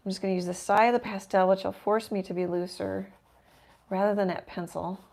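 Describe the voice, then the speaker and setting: A middle-aged woman hosting a live painting stream, thinking aloud as she works and often dropping to a soft murmur. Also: medium pitch, fairly even intonation, fairly quick, gravelly. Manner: self-deprecating, thinking aloud while working, drops to soft murmurs. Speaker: painting livestream host. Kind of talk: casual live painting chat.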